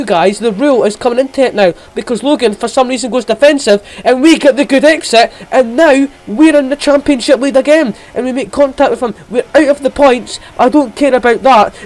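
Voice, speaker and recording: A man giving excited, rapid play-by-play commentary on his own racing game, jumping up in pitch at the big moments. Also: rough recording.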